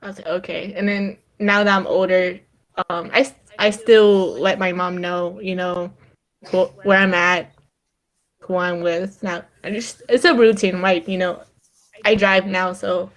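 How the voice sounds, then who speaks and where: A woman's voice: on the low side, level tone, unhurried. A young woman in casual podcast chat, telling stories with a lot of laughter and quoted back-and-forth. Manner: chatty storyteller, laughs often, quotes her mom. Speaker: podcast co-host.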